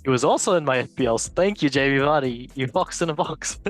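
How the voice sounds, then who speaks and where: A young man hosting a football chat show in an easy, mid-pitched voice. He reads out headlines, then riffs on them with jokes and playful asides. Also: fast talker, faint music behind. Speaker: show host. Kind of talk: casual football news chat.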